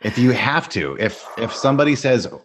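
A man hosting a casual interview, enthusiastic and firing off quick questions. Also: mid-range voice, very animated, fairly bright tone, a little hiss or hum. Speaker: podcast host.

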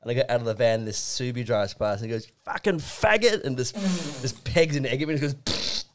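Rambling band member. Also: male voice, mid-range voice, noisy background. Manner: rambling, halting, many fillers. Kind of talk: casual storytelling.

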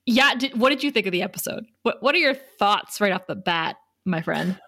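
A woman's voice: mid-range voice, lively intonation, fairly quick, bright, forceful tone, dry recording, clean studio sound. A tired woman co-hosting a podcast in casual chat, joking and laughing often. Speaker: podcast co-host.

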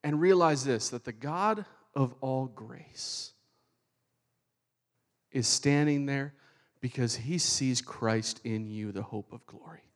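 A man preaching a sermon with animated, fervent delivery. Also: mid-range voice, slow pace. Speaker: pastor.

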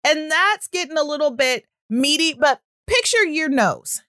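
A woman speech-language pathologist giving a casual, animated talk, with frequent fillers. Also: high voice, a little slow, hardly any pauses, no room sound, clean studio sound. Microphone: audio-only recording.

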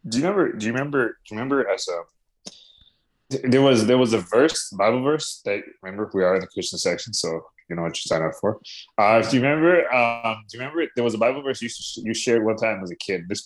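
A young man co-hosts a relaxed podcast chat. He talks quickly in a somewhat low voice and keeps restarting his sentences. He fills the gaps with repeated fillers as he hunts for the next word. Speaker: podcast co-host.

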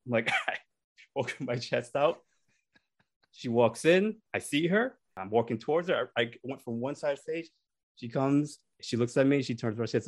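A young man casually telling embarrassing stories on a podcast, animated and acting out the people in them. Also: mid-range voice, moderate pace. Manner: animated, acts out voices in his stories. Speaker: podcast co-host. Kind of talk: casual storytelling.

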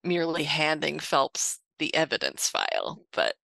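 A woman's voice: sits low, wildly swooping pitch, measured pace, vocal fry, bright, forceful tone, no room sound. A woman co-hosting a podcast, chatting casually and laughing often as she speculates. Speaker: podcast co-host. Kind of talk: casual chat.

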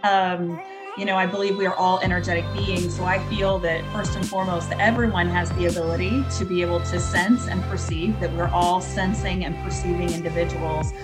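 A woman's voice: fairly low pitch, fairly even intonation, fairly quick, over music. A woman from Indiana, a guest psychic medium, telling a personal story in an earnest, reflective way with frequent fillers. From Indiana, US Midwest.

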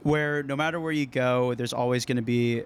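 A man's voice: mid-range voice, steady tone, moderate pace, smooth. A young man from California, a band member, chatting casually on a podcast, swearing often and acting out the people in his stories. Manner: laid-back, swears often, acts out quoted people. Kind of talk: casual chat.

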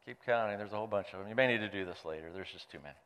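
A man's voice: lowish voice, very fast, clean tone, big-room sound. A man preaching, reading scripture aloud and adding playful, joking asides. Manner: playful, animated storyteller who jokes aside. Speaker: pastor.

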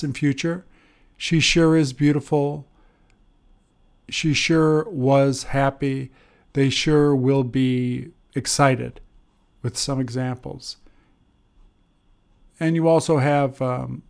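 A man teaching an English grammar lesson, explaining step by step with pauses and fillers. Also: mid-range voice, darkish tone. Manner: slow, deliberate, with pauses and fillers.

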